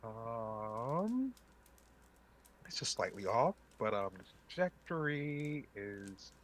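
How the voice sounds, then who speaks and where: Game master guy, animated pitch, casual, fillers, tabletop narration. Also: slow.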